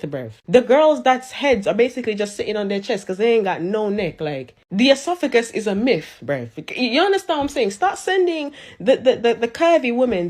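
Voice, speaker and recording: A woman's voice: fairly high pitch, a little mellow. Sassy woman roasting. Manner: sassy, mocking, sarcastic. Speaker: social media commentator. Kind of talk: roasting rant.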